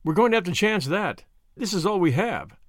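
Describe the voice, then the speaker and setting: A man's voice: sits high, very animated, moderate pace, no echo, studio quality. A man voicing a brash, generous young American with an American accent and breezy, confident slang.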